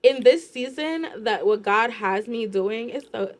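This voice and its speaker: A woman's voice: on the high side, lively intonation, unhurried. A young woman, a guest entrepreneur, talking casually about faith in a rambling way, with lots of "like.". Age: young adult. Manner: rambling, heavy use of "like".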